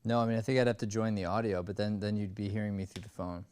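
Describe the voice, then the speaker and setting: A man's voice: on the low side, fairly even intonation, quick pace, a little mellow, clear, resonant tone. A man coaching an online acting class, in a loose, rambling, casual way over a video call. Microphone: webcam or phone on a video call.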